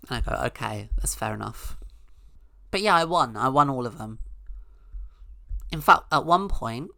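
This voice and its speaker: A woman's voice: low voice, expressive, moderate pace, pushed and bright, dry recording, clean studio sound. A woman hosting a podcast, telling a rambling, sarcastic comic story with mock-outraged asides. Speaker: podcast host. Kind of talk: casual comedic monologue.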